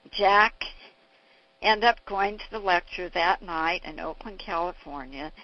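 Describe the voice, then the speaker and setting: An older woman is telling stories in an interview, slow and unhurried, stopping to act out the people she describes. Her voice is dry and close, and the recording sounds dull and lo-fi. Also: mid-range voice, dry recording. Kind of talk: anecdotal storytelling.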